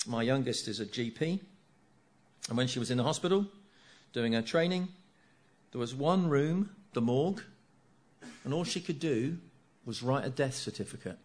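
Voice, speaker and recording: A man's voice: medium pitch, lively intonation, normal speed, pauses often, darkish tone. A middle-aged man preaching a sermon, earnest, repeating key phrases and asking rhetorical tag questions.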